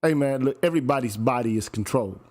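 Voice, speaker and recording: A man's voice: mid-range voice, fast, darkish tone. A man hosting a casual commentary chat, talking in a profane, emphatic way and often repeating himself. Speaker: podcast host.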